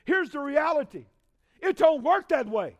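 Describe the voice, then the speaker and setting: A man preaching a sermon as pastor, calling out to the congregation, swinging from shouts to low, quiet lines. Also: very animated, measured pace, highs cut off. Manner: preaching with call-and-response, shouting peaks and dropping low.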